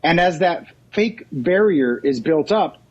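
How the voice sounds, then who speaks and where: A man's voice: a little high, expressive, slow, muffled recording. A man, a real estate agent, telling stories and acting out both sides of a doorstep conversation as a podcast guest. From California. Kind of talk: animated storytelling with acted-out dialogue. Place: mobile office.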